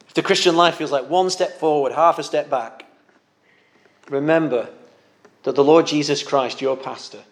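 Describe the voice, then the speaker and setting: Earnest man preaching a gentle sermon. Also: fairly high pitch, moderate pace, long pauses. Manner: earnest, gentle pastoral preaching with small repetitions.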